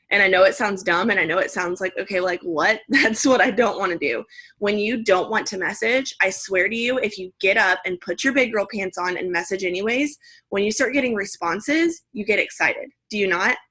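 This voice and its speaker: A young woman leading her team on a video call, speaking in a direct, energetic pep-talk manner. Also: medium pitch. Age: young adult. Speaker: team leader.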